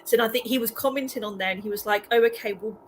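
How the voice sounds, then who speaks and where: A woman chatting as a guest on a live stream, giggly and quick to laugh at herself. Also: fairly high pitch, fairly bright tone, faint music behind. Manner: giggly, self-deprecating. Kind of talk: casual live-stream chat. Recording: faint background noise.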